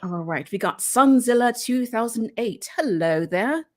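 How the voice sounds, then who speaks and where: A woman's voice: a little high, normal speed, a little mellow. Giggly woman hosting a livestream. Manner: giggly, friendly. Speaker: host. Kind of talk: casual livestream chat.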